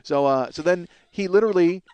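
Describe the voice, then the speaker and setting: Man, podcast host, rambling storyteller, profane, self-mocking, rapid delivery, bone-dry recording. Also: sits high, a little mellow, clear, resonant tone, no room sound, highs cut off. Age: 30s. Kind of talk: solo storytelling monologue.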